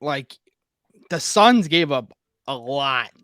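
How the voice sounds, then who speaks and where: A man guesting on a sports podcast, talking quickly and stumbling over his words. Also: mid-range voice, animated, bright, forceful tone, dry recording, clean studio sound. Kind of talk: casual sports talk.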